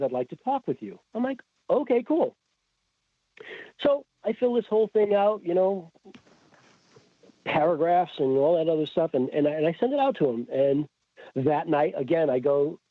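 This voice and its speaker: A man's voice: a little high, no room sound. A man guest telling a story in casual chat, acting out quoted dialogue. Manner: animated, acts out quoted dialogue. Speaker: podcast guest. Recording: tinny phone-like remote call.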